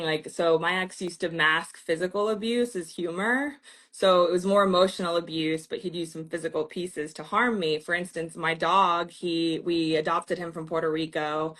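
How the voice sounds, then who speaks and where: Frank woman therapist, slightly low voice. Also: a bit bright. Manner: frank, shares personal experience openly. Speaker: therapist and host. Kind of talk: candid podcast conversation.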